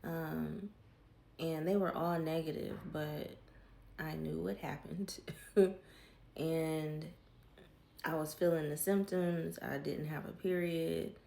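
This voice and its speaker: A woman's voice: low voice, fairly even intonation, takes it slowly, gravelly, long pauses, mellow, reverberant. A woman, candidly telling her own story in casual talk and swearing freely. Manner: candid, swears freely, acts out quoted family voices.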